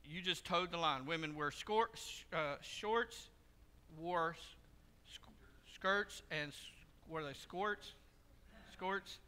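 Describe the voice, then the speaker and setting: A pastor giving a sermon in a church, telling stories in a conversational, joking way. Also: male voice, fairly high pitch, slow pace, pushed and bright, clean tone. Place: church sanctuary. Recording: long hall reverb.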